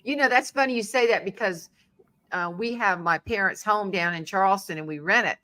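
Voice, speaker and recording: Speaking fairly quickly in a medium pitch, a middle-aged woman with a Southern American accent shares a humorous story as a guest in a casual chat. She's animated, voicing the people she quotes.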